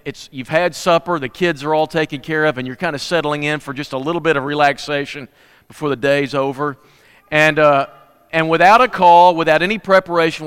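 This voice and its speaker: A man's voice: on the high side, fairly bright tone, smooth. A man preaching a casual, joking sermon with announcements, full of folksy asides and restarts, recorded in a church sanctuary. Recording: church hall reverb.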